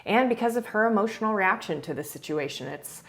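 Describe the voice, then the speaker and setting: A woman's voice: medium pitch, animated, a little fast. A woman casually talking through a reality show scene, chatty and hedging, often restarting her sentences. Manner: chatty, hedging, frequent restarts and soft laughs. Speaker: reality TV commentator. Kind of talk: casual video commentary.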